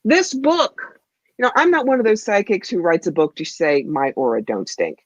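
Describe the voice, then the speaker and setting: A woman guest, a psychic medium and author, telling stories in an interview in a punchy, animated way. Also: a little high, normal speed, dry recording, lo-fi sound. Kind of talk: interview storytelling.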